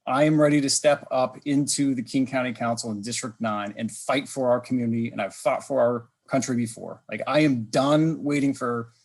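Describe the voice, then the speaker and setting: A man running for county council makes a direct, determined campaign pitch. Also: steady tone, normal speed, hardly any pauses. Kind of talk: campaign speech at a candidate forum.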